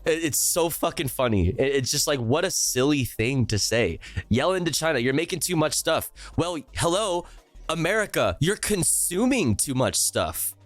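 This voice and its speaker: Male streamer, fairly high voice, dry close sound, profane sarcastic rant, faint music behind. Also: big pitch swings, moderate pace, dry recording. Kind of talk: live reaction commentary.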